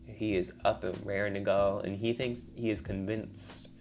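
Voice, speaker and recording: A young man, a college student, venting in a rambling, casual monologue, swearing often and getting louder as he gets worked up. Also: on the low side, steady tone, moderate pace, soft background music. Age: young adult. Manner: rambling, swears a lot, voice climbs when riled up.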